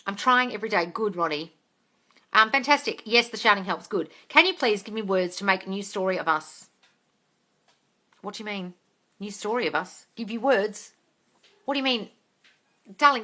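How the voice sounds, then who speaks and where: A woman's voice: mid-range voice, sharp tone. Sweary woman on a live stream. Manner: blunt, sweary, calls viewers darling. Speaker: manifesting coach. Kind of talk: livestream Q&A.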